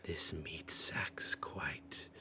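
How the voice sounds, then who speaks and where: A man voicing a sly creature that talks in a slow, hushed whisper. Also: very deep voice, steady tone, pitched below the performer's own voice, heavily acted.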